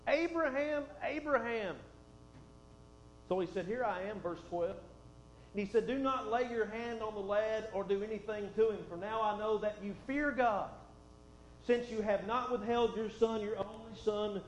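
Male pastor, high voice, folksy asides, dull roomy recording with faint hum. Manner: folksy, conversational asides, drops soft then swells for emphasis. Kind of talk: sermon with scripture reading.

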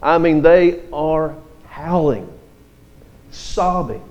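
A man's voice: fairly high pitch, expressive, extremely slow, darkish tone, low-quality recording. A man preaching an expository sermon, reading scripture verses aloud and explaining them.

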